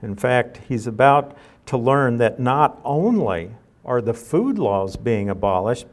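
A man's voice: medium pitch, darkish tone. A man teaching a Bible study, reading scripture aloud and then explaining it in a conversational way.

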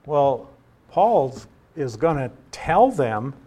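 A man's voice: medium pitch, big pitch swings, takes it slowly, warm tone. Man teaching scripture verse by verse. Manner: conversational, explains and reads scripture aloud. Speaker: pastor.

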